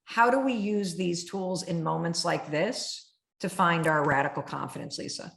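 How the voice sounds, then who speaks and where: Animated woman host, roomy echo. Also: normal speed, gravelly. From United States. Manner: animated, acts out her own inner voice in high tones. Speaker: podcast host. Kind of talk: casual chat.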